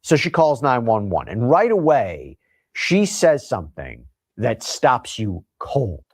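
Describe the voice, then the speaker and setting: True crime narrator guy, lively ups and downs, slow dramatic pauses. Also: mid-range voice, breathy edge. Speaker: documentary narrator.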